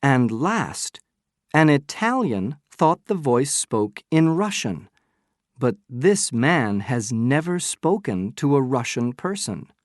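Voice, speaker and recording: A man voicing a sharp-minded male detective who explains his deductions patiently and emphatically, asking probing questions, in an audiobook reading. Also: mid-range voice, big pitch swings, slow pace, dry recording, studio quality. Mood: explaining.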